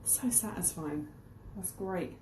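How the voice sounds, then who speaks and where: A woman's voice: lowish voice, slow pace, echoey room, very noisy. A woman giving a casual English lesson while baking at home, explaining word meanings as she goes. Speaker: English teacher. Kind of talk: casual cooking demonstration lesson. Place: home kitchen.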